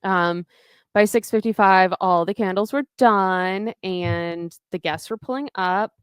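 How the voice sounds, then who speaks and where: A woman's voice: mid-range voice, measured pace, clear, resonant tone, no room sound, studio quality. A woman podcast co-host casually recapping a novel chapter, rambling with fillers.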